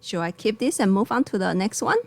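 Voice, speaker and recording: Gravelly-voiced woman chatting about tea. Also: medium pitch, animated, a little fast, slight background noise. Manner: laughs often, loose non-native grammar. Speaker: tea shop co-host. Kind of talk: casual live-stream chat.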